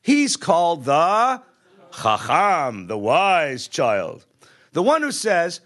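With a slightly high voice and a slow pace, a middle-aged rabbi delivers a sermon built on stories. He's an animated storyteller who acts out the voices of the people involved.

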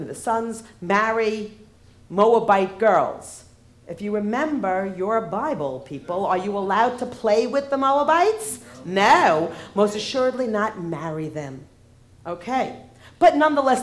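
A woman giving a humorous lecture, wry in tone and often asking the audience rhetorical questions. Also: mid-range voice. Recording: roomy echo.

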